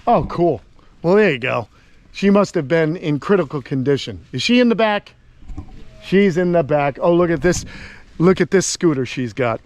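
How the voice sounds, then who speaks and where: A middle-aged man from Long Island hosting a casual vlog outdoors by a tortoise enclosure, rambling and excitable with lots of fillers. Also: on the high side, normal speed, dull audio. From Long Island, New York. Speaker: host, tortoise keeper.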